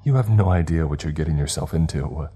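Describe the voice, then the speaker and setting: A man's voice: extremely low pitch, brisk, dark tone, breathy edge, faint music behind, full character voice. A man voicing an old woman who has become an undead monster, speaking in cold, hissing threats. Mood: menacing.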